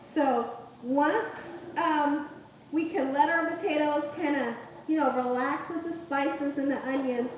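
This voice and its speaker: A high-pitched young woman hosts a live cooking stream, chatty and quick to laugh, tagging "okay?" onto her steps. She sounds far from the mic, in a very echoey home kitchen with faint cooking noise behind her. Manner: chatty, laughs often, says okay a lot. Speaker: cooking channel host.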